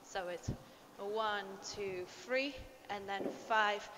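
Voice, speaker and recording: A woman teaching a live online dance class, explaining steps slowly and counting beats. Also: mid-range voice. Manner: slow, step-by-step explanations. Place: dance studio. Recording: long reverb, faint ambient noise.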